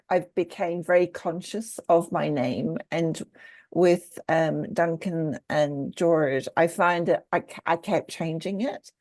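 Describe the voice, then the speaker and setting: A Scottish woman with a low, mellow voice chats on a video call. She thinks aloud and restarts her sentences. The sound is dry and close. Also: no echo. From Scotland. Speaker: coach. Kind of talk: group discussion on a video call.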